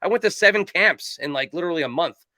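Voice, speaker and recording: A man in his forties from New Jersey rattles off his stories at a quick clip, rambling and animated and full of fillers. His voice is bright and forceful, recorded close and dry. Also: on the high side, no echo. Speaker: kicking coach and guest. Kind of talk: casual storytelling in an interview.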